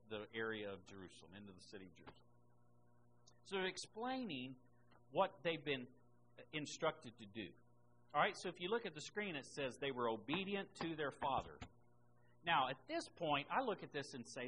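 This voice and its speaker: A man teaching a Bible lesson, reading scripture slowly and emphatically, then explaining it in a conversational way. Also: mid-range voice, lively intonation, fairly bright tone, a little hiss or hum, poor audio.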